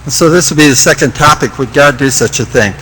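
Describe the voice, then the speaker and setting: A man's voice: a little high, fast, a bit bright, slight background noise, low-quality recording. A man leading an informal Bible study, reading scripture aloud and asking rhetorical questions in a conversational way.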